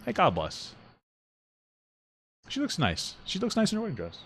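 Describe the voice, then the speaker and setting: A man's voice: high voice, wildly swooping pitch, moderate pace, a bit bright, a little hiss or hum. A young man co-hosting a podcast, chatting casually, joking and teasing, and swearing often. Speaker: podcast co-host. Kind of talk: casual chat.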